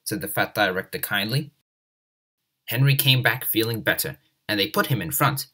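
A man reading a children's story aloud in an expressive, lively way. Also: mid-range voice, moderate pace, breathy edge. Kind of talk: scripted narration of a children's story.

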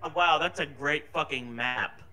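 A man's voice: on the high side, measured pace, sharp tone. A young man joking wryly and mocking a game during casual gameplay commentary. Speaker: let's play co-host.

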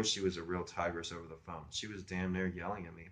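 Low-voiced man reading a novel aloud. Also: little pitch movement, fast talker, a bit bright. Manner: conversational, wry storytelling. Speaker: reader and teacher. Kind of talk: audiobook narration in first person.

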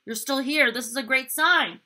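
A woman with a high, bright-sounding speaking voice leads an upbeat singing lesson, coaching her students and singing the exercises for them. Piano music plays clearly behind her. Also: normal speed. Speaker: voice teacher.

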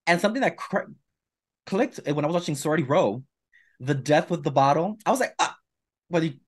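A man's voice: fairly high pitch, lively intonation, a little fast, breathy edge. A man co-hosting a podcast, chatting casually and gushing with lots of stumbling restarts. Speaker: podcast co-host. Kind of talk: casual chat.

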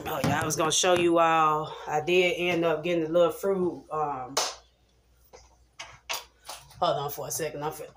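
A young woman chatting loosely to her viewers in a casual vlog and calling them y'all. She is filming herself on a handheld phone camera while out in the city, in a car and at home. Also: fairly low pitch. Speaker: vlogger. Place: out and about in the city and riding in a car, later indoors at home. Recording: noisy phone recording with traffic behind.

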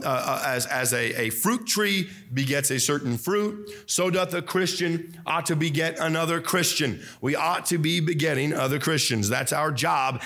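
A young man, a pastor, preaching a fervent sermon with loud mock voices and low asides. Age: young adult.

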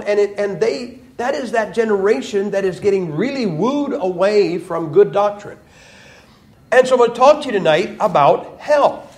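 A man preaching in a church, joking and emphatic, with mocking quoted voices. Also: high voice. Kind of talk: sermon.

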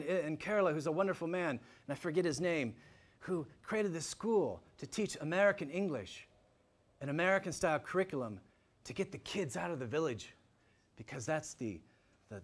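Animated man giving a public lecture. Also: on the high side. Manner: animated and emphatic, swinging from loud to hushed asides. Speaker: guest lecturer. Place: lecture room before a live audience.

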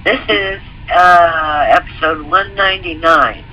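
Brisk male call-in host, fairly high-pitched and bright, faint noise behind. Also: dull audio. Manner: brief, businesslike moderator. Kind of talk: hosting a call-in show.

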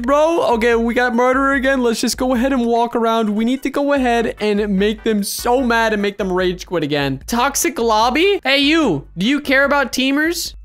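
A young adult woman giving slangy, trash-talking gameplay commentary. She swings between low, scheming mutters and loud, excited outbursts. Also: normal speed, hardly any pauses. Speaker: gaming video creator.

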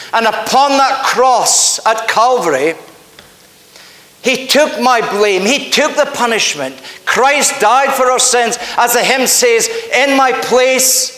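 Preaching in a church sanctuary, a man with a Scottish accent speaks in a high-sitting, somewhat bright voice. He's a pastor telling his sermon earnestly and emphatically as a story, with the hall's echo adding long reverb.

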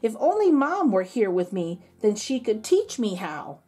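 A woman voicing a small, eager young male colt in a storybook read-aloud, talking high and wide-eyed. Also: very animated, unhurried, mellow, breathy edge. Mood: awed.

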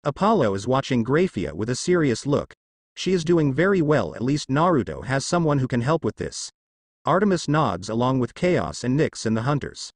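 Animated man reading fanfiction. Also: medium pitch, normal speed, no room sound, clean studio sound. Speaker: narrator.

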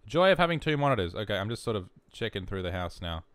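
Rambling Australian man, lively voice. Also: lowish voice, quick pace, clear, resonant tone, no echo. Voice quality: rambling, self-mocking, jokey. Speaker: gaming YouTuber. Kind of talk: casual commentary over gameplay. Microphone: headphones and desk mic.

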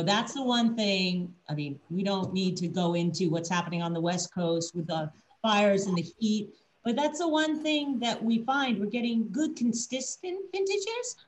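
A woman's voice: medium pitch, poor audio. Winery rep, woman, video-call wine tasting, enthusiastic and explanatory. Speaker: winery representative.

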